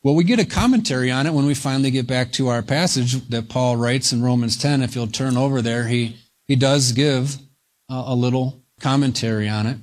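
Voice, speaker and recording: A man preaching a sermon, speaking slowly and deliberately and leaning hard on single words for emphasis. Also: mid-range voice. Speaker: pastor.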